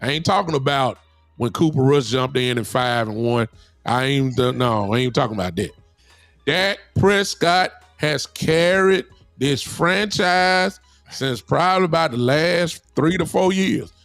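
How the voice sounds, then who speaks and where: Man, sports co-host, slangy, insistent, gravelly voice, mid pitch. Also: a little slow, a bit bright, dry recording, faint music behind. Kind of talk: casual sports talk.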